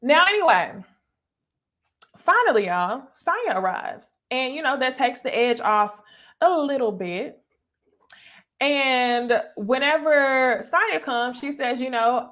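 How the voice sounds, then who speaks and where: A woman's voice: a little high, animated, a little slow, fairly bright tone. Chatty woman recapping reality TV. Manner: chatty, gossipy, addresses viewers as y'all. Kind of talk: casual recap commentary.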